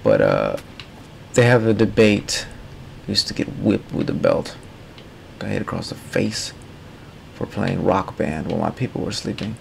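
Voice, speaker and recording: A man talks over his gameplay in a loose, rambling way. His voice sits low and has a gravelly edge. A faint background noise runs under the talk. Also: lively intonation, a little slow, pauses often. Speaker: gaming streamer. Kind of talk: casual gameplay commentary.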